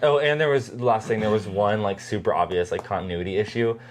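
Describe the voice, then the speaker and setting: Her voice is a rumbling low one, a little fast, with a bit of hiss or hum in the audio. This young adult woman co-hosts a podcast, chatting casually with frequent laughter and a steady stream of "like" fillers.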